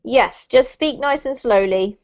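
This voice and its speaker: A woman's voice: fairly high pitch, unhurried. A woman teaching English pronunciation in an online class, chatty and encouraging, with a light laugh. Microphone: video call. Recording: dull lo-fi call audio.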